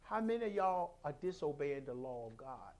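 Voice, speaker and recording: High-voiced preaching man. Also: sing-song, moderate pace. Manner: preaching with call-outs, acting out quoted voices. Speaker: pastor. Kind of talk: sermon.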